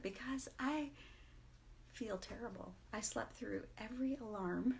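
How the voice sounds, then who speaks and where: A tired middle-aged woman talks straight to camera in a casual morning vlog. Her voice sits a little high, and she stays chatty and self-mocking, breaking into laughs often. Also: measured pace, vocal fry, a little hiss or hum. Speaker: vlog host.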